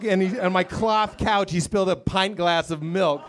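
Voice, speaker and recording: A man performing a stand-up set at a comedy club, swinging between shouting and low mumbles, with the audience laughing. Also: lively intonation, normal speed, noisy background. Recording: live crowd laughing.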